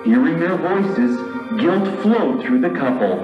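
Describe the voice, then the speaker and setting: A man narrates a story in a steady, measured way with a lively, somewhat high voice. The sound is muffled and distant in a roomy hall. Music plays behind him.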